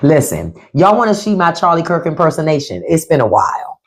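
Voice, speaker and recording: A woman hosting a casual livestream, talking bluntly and profanely with animated delivery. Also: low-pitched, a little fast. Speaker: podcast host on a livestream.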